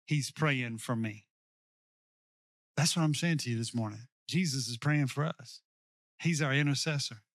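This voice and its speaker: A male pastor preaching a sermon, slowing down to stress key lines and calling on the congregation to repeat after him. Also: medium pitch, no room sound, studio quality. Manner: preaching with call-and-response to the congregation.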